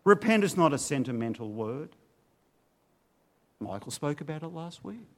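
A man preaching a sermon, swinging between loud urging and low, hushed warnings. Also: sing-song, normal speed. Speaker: pastor.

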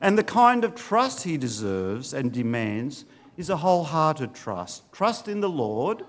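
A man's voice: on the high side, very animated, unhurried. A man preaching a sermon, earnest, often putting questions to his listeners.

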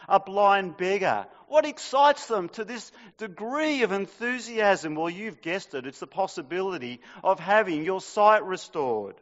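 A man's voice: high-pitched, animated, a little slow, few pauses, fairly bright tone. A man preaching a sermon in a church, reading scripture and raising his voice dramatically on the quoted cries. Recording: dull sound in a long-reverb hall.

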